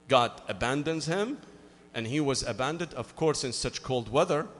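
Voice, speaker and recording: Animated preacher man in echoing hall. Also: medium pitch, normal speed. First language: Arabic. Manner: animated, acts out both sides of a dialogue, frequent "you know" fillers. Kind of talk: sermon storytelling.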